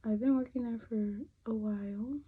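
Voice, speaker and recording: Applying her makeup, a young woman from the United States chats casually in a fairly high, breathy voice at a steady, moderate pace. This beauty vlogger curses a lot and drops into Spanish, recorded on dull lo-fi phone audio.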